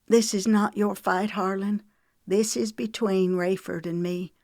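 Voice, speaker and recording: A woman's voice: medium pitch, fairly even intonation, measured pace, a little mellow, no echo, clean studio sound, pitched above the performer's own voice, natural voice. A woman voicing a young Southern lady who is frightened and pleading, in an audiobook reading. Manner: anxious, pleading.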